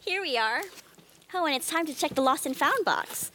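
Woman, children's TV presenter, playful role-play, giggly, lively pitch, background music. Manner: singsong, giggly, slow and exaggerated. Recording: music under voice.

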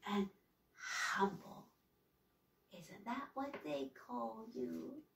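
A woman voicing a hulking, sinister woman in gray robes, with a slow, raspy, menacing whisper, in an echoey room. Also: a little high, animated, far from the mic, very noisy, heavily acted.

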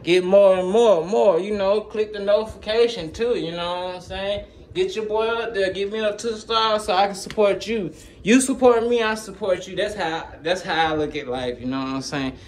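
A man's voice: high voice, fairly even intonation, moderate pace, a little hiss or hum. A man chatting casually to his channel, rambling in slang and laughing often as he jumps between topics, recorded on a phone. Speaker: gaming YouTuber. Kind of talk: casual vlog chat.

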